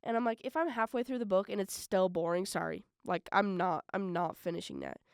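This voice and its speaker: A woman's voice: medium pitch, fairly quick, smooth, no echo, studio quality. Chatty young woman podcast host. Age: young adult. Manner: chatty and rambling, lots of "like" and "bro"; animated, swings between loud bursts and mumbled asides. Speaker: college radio podcast host. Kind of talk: casual solo podcast chat.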